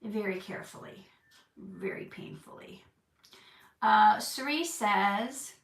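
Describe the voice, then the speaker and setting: A woman's voice: mid-range voice, takes it slowly. A woman in her thirties hosting a casual live-stream Q&A, chatty and jokey as she reads out viewer comments. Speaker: live-stream host answering chat. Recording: roomy, a bit far from the mic.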